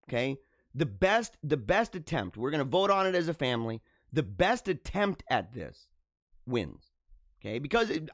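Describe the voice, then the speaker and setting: A man's voice: on the high side, no echo, clean studio sound. A man hosting a livestream, talking in a casual, mocking, theatrical way and laughing at his own jokes. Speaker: livestream host. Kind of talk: casual live commentary.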